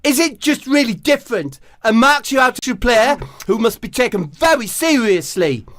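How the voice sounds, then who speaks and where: A man's voice: extremely high pitch, animated, moderate pace, a bit bright, voice pushed up. A man voicing a brash, bossy young footballer who speaks in a blunt, scolding way. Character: brash, bossy young male team leader.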